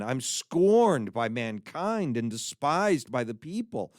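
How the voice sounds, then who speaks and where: A man giving a conversational Bible teaching on a podcast, earnest and animated as he quotes scripture with feeling. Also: mid-range voice, unhurried, hardly any pauses, no echo, clean studio sound.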